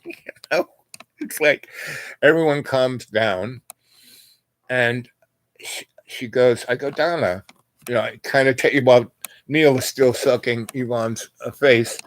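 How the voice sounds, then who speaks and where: A man's voice: medium pitch, slow pace, long pauses, no room sound. Rambling older man telling a story. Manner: meandering, full of "you know" and restarts, acts out quoted voices. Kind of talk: rambling personal anecdote.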